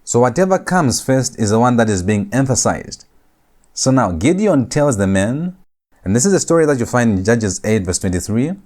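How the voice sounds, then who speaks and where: A man teaching a Hebrew grammar lecture, repeating each phrase slowly and stressing key words for his students. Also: mid-range voice, sing-song, a little mellow. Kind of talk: recorded classroom lecture.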